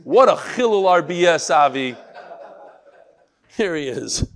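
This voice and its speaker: Middle-aged man, Torah class teacher, slightly high voice, animated, Yiddish and Hebrew words in English. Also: measured pace. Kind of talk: lively class talk with readings.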